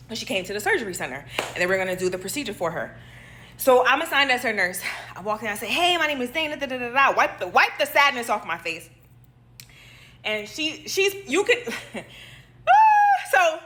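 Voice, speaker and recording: A young adult woman, a nurse, casually telling a personal story to her followers, acting out what people said and laughing as she goes. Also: fairly high pitch. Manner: animated, acts out quotes, laughs while telling.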